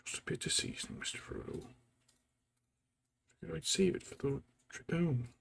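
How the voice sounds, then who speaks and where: A man doing a quiet, half-whispered impression of a humble, loyal hobbit gardener. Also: a little high, normal speed, creaky, slightly rough, voice pushed up, exaggerated voice. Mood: homely.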